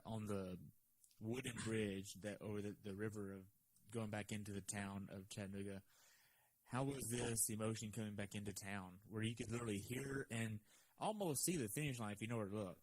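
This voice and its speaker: A man's voice: lowish voice, no echo, rough recording. A man hosting a podcast interview, asking long, detailed, meandering questions. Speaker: podcast host.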